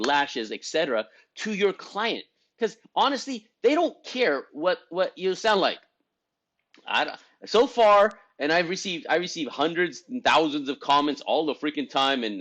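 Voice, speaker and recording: Rambling high-voiced man, lo-fi sound. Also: a bit bright. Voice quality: voice he calls high-pitched. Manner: rambling, self-deprecating, laughs often, many restarts. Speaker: group host for estheticians. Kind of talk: casual motivational talk.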